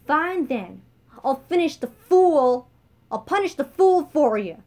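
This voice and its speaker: A woman's voice: high-pitched, sing-song, takes it slowly, darkish tone, voice pushed up, full character voice. A woman voicing a defiant, sarcastic young woman with a blunt manner, in a self-read story. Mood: threatening.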